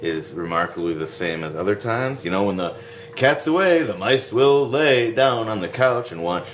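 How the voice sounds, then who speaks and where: Low-voiced podcast guy cracking jokes, pitch jumps all over, clear noise behind him. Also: expressive, normal speed. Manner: goofy, joking, sing-song bits. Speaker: podcast host. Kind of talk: casual comedic chat.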